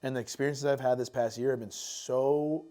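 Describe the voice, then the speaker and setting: A man's voice: mid-range voice, fairly even intonation, normal speed, warm tone. Rambling, swearing podcast guest, man. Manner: rambling, swears freely, many fillers like "like" and "dude". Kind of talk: casual chat.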